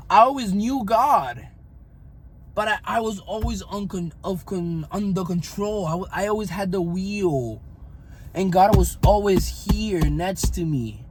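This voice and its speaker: Earnest high-voiced young man testifying. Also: slight background noise. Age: young adult. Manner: earnest, repetitive, rambling storytelling. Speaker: fitness coach vlogger. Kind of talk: personal faith testimony.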